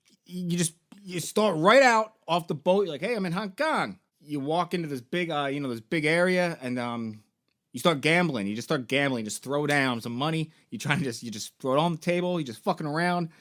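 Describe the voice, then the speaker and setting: A man's voice: a little high, normal speed, a bit bright. A man, a video game store founder, retelling a game's story in a rambling, profane, joking way.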